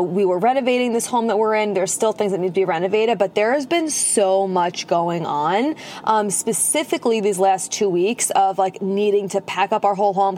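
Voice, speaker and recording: A holistic nutritionist records her casual podcast inside her parked car at night, chatting cheerfully into a propped-up phone. Her medium-pitched voice is a little mellow, with slight background noise behind it.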